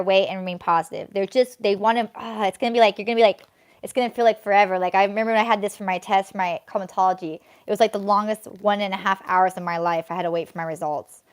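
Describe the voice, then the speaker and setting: A young woman reading tarot cards on a live stream, chatting to viewers as she draws cards and sometimes breaking into excited squeals. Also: lowish voice, fast talker. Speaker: tarot card reader.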